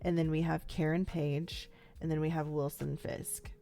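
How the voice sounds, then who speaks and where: A woman's voice: sits low, level tone, normal speed, vocal fry, warm tone, soft background music. A young woman chatting casually about a show she's watching, rambling with lots of "like" and "um" fillers and playfully acting out characters' lines. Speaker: vlogger reacting to a TV series. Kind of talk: casual first-time-watch reaction chat.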